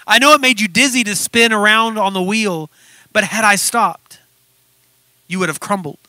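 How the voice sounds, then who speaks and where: Man doing a calm wise old potter, gentle and reassuring, bright voice, dry sound. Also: high-pitched, moderate pace, no echo. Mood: tender.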